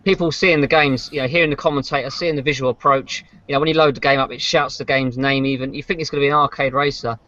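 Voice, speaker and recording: A man's voice: mid-range voice, fairly even intonation, fast, few pauses, pushed and bright, no room sound. A man co-hosting a podcast, chatting casually about racing games in a rambling way with many restarts. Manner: rambling, frequent fillers and restarts. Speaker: podcast co-host. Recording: dull lo-fi podcast audio.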